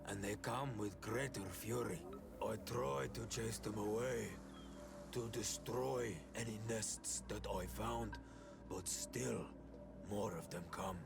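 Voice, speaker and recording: An actor playing a solemn native master hunter in a role-playing game, measured and grave. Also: male voice, fairly low pitch, gravelly, music in the background.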